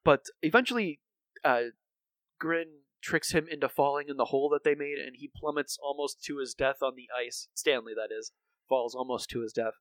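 Man, casual podcast chat, rambling recap, mid pitch, dry close mic. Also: moderate pace, fairly bright tone, dry recording. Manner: rambling recap with many fillers and restarts. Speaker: podcast co-host recapping a cartoon.

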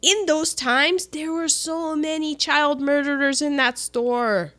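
A woman's voice: high voice, takes it slowly, fairly bright tone. A middle-aged woman in casual chat, animatedly retelling film scenes and slipping into voices.

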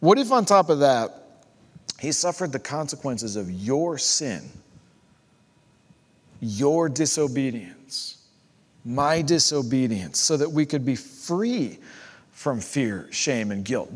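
A male pastor preaching a sermon, stacking rhetorical questions and dropping to a hush on key phrases. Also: medium pitch, animated, measured pace. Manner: rhetorical, builds with repeated questions. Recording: long church hall reverb.

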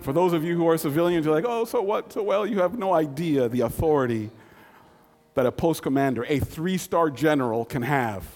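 A man in his fifties tells a personal story in a folksy, conversational way, leaning on dramatic pauses. His voice sits fairly high for a man. A long hall reverb trails his words, with faint music underneath. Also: a little mellow.

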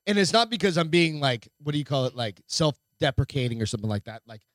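A man's voice: a little high, very animated, quick pace, no echo, studio quality. Self-mocking, profane married man. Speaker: podcast co-host. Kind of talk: casual chat.

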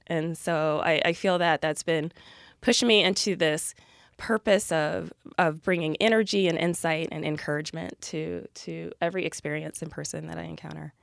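A woman with a somewhat low voice talks earnestly and reflectively as a podcast guest. Her tone is heartfelt. The sound is dry and close, with no room around it. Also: fairly even intonation, normal speed, creaky, no room sound. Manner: gives frequent soft affirmations while listening. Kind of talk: reflective interview talk.

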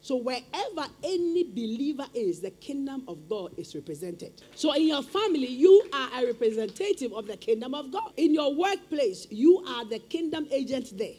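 A woman's voice: high-pitched, very animated, normal speed, hardly any pauses, mellow, slightly rough. A woman preaching a sermon with emphatic, repetitive call-and-response phrasing.

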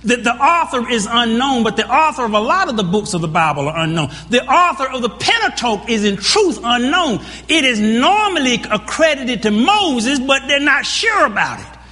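A man preaches in a church with a very high, lively voice that swoops up and down. His tone is bright and sharp, and he presses his points with questions to the congregation and repeated words. A long hall reverb trails every phrase. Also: normal speed. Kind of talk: sermon.

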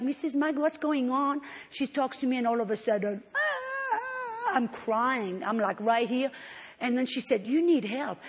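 A woman preacher giving an emotional, expressive testimony in a sermon. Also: on the high side, husky. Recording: long hall reverb.

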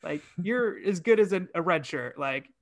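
A man chatting casually about a film, animated, swearing and acting out his own reactions. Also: high voice, moderate pace.

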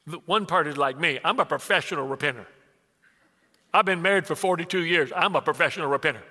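A pastor in his sixties delivers a storytelling sermon in a high, bright, ringing voice, talking fast. His preaching is animated and conversational, sinking to near-whispers and then jumping up loud. The long reverb of a big hall trails after every line.

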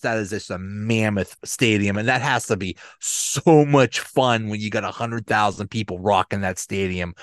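A man's voice: on the low side, no room sound. Guy hosting a sports podcast, laid back, chats and laughs a lot, dry close sound. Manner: relaxed, chatty, laughs often. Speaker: podcast host. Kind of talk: casual sports chat.

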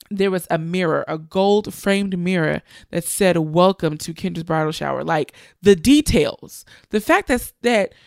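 Gravelly-voiced young woman telling a story. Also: medium pitch, dry recording, clean studio sound. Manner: chatty, gushing, addresses viewers as y'all. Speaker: bride-to-be vlogger. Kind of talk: emotional storytelling to viewers.

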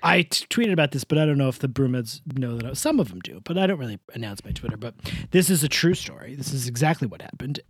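A podcast co-host spins a long, jokey story full of tangents and the odd swear word. The voice swings up and down with lively pitch, and the recording is dry and close with no room sound. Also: fast, husky, no room sound. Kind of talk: casual chat.

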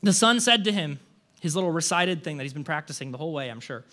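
A man preaches a conversational sermon as pastor, his voice a little high and his delivery fast. He tells the story with animation, using rhetorical questions and saying "like" casually and often.

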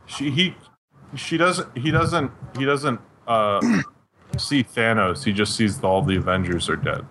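A man's voice: medium pitch, expressive, slow pace, background noise. A man co-hosting a casual chat, explaining details and correcting the others. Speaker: podcast co-host.

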